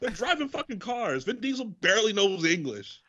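A man co-hosting a casual podcast, ranting in quick slangy jokes. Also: high voice, sing-song, sharp tone, no echo, dull audio. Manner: fast, slangy, joking rants. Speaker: podcast co-host. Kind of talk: casual chat.

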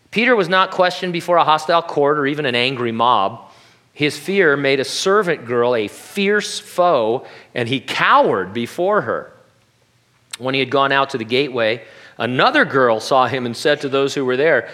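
A pastor preaching a sermon in a conversational way, with jokey asides. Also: male voice, mid-range voice, normal speed, fairly bright tone.

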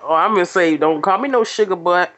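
A woman co-hosting a podcast, playful and teasing, with drawn-out exclamations. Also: on the low side, fairly bright tone. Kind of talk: casual chat.

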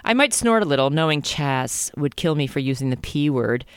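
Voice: medium pitch, expressive, normal speed, clean tone, dry recording. Giggly podcast host reading aloud. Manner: giggly, stumbles over words. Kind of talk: casual comedic book reading.

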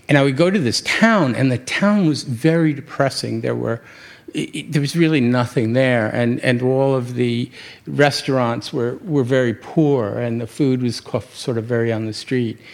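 A man from New York City telling a reflective personal story, often halting and restarting his words and chuckling at himself. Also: medium pitch. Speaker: speaker sharing a personal story.

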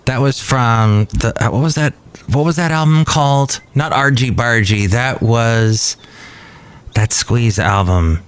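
A man's voice: mid-range voice, a little slow, clean tone. A man in his fifties hosting a podcast, rambling casually and poking fun at himself. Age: 50s. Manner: rambling, self-deprecating. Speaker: podcast host. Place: cafe.

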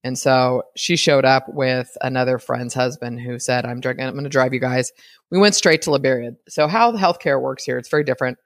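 A woman's voice: extremely low pitch, brisk, dry recording, clean studio sound. A woman hosting a podcast, chatting casually and rambling as she retells a story and acts out what people said. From United States. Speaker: podcast host.

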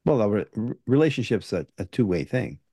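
A man's voice: on the low side, sing-song, fairly quick, gravelly, dark tone, slightly rough, no echo. A man hosting a podcast, chatting hesitantly with many fillers. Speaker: podcast host. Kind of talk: casual chat.

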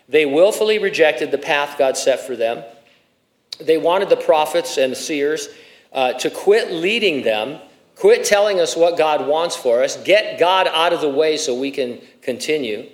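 Conversational middle-aged pastor preaching. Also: male voice, on the high side, expressive, a little slow. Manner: conversational, with asides and rhetorical questions; reads scripture with rising emphasis. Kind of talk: expository sermon.

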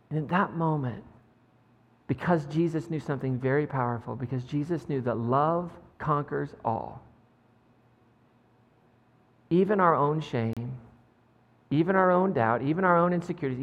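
A man's voice: on the high side, moderate pace, dull audio. A man preaching a sermon as a pastor, impassioned and conversational, recorded in a church with a long hall reverb.

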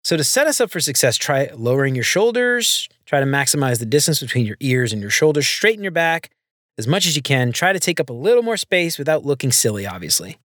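A man's voice: medium pitch, very animated, fairly quick, a bit bright, dry recording, clean studio sound. A man hosting a solo podcast, explaining speaking tips step by step in a conversational way. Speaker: podcast host. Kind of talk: solo instructional podcast talk.

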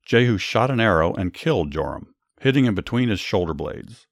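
Deep-voiced man reading Bible stories. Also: very animated, gravelly, no echo, clean studio sound. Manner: measured, earnest reading, small restarts in commentary. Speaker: storyteller and Bible teacher. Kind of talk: Bible story narration with commentary.

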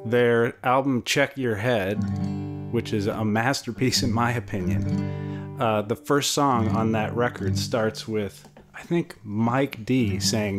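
Male musician guest, unhurried and halting, guitar audible in the mix. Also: mid-range voice. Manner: halting, lots of fillers, easygoing. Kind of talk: casual chat.

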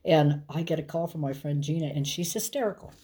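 A woman songwriter telling a story in casual conversation, animated and laughing, with frequent restarts. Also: sits low, a little fast. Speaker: songwriter and performer, guest.

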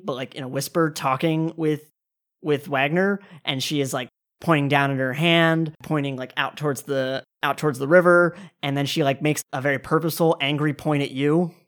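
Low-voiced lady running a tabletop game, lots of likes and ums. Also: steady tone, moderate pace. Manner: casual, filler-heavy narration. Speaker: game master.

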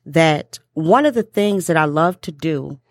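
A woman's voice: low voice, expressive, dry recording, clean studio sound. A middle-aged American woman hosting a podcast, chatting in an upbeat, emphatic way. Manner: upbeat, emphatic, drawn-out listing. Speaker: podcast host. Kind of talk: casual podcast conversation.

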